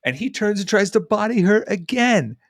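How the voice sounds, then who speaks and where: A young adult man co-hosting a podcast, telling a lively story and acting out the voices of the people in it. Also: high voice, normal speed, no room sound, studio quality. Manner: lively anecdote teller who acts out quoted voices. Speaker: podcast co-host. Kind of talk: animated storytelling in casual chat.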